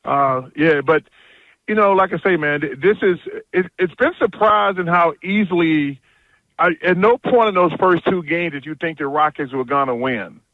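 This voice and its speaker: A man's voice: a little high, normal speed, dry recording, narrow, tinny audio. A man chatting as a guest analyst on a radio show, blunt and jokey, telling stories with lots of restarts. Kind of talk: casual phone-in radio chat.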